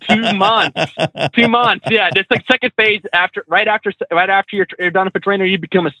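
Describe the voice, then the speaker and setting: A man who trains truck drivers, a podcast guest telling animated road stories with frequent laughs and restarts. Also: high-pitched, fairly quick, no room sound, poor audio. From California. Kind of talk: casual storytelling.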